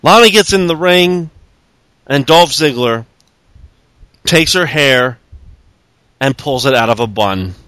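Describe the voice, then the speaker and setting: A man's voice: medium pitch, animated, takes it slowly, long pauses, a bit bright, clear, resonant tone, dry recording. A man hosting a podcast, giving a sarcastic, profane casual recap. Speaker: podcast host. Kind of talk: casual wrestling recap chat.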